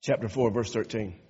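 Husky preaching man in an echoey hall. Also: fairly low pitch, dark tone. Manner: emphatic preaching with repetitions and rising intensity. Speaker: pastor. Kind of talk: sermon. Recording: dull, echoey hall recording.

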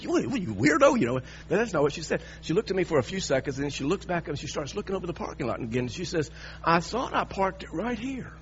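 A man in his sixties preaching, telling a personal story with lively, halting restarts. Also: fairly high pitch, muffled recording, a little hiss or hum. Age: 60s. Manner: animated storytelling with repeated restarts.

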